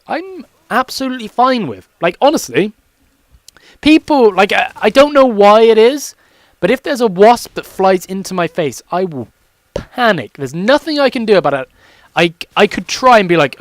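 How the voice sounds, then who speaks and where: A young man talks in a loose, rambling way, swearing freely as he commentates his gameplay. His voice sits a little high for a man. The sound is close and dry, with no room echo. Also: expressive, moderate pace. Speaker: gaming commentator.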